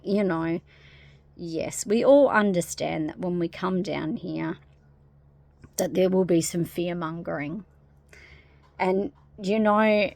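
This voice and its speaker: A woman talking casually to camera in a spiritual vlog, rambling softly with many fillers. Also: on the low side, vocal fry, no room sound. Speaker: spiritual vlogger.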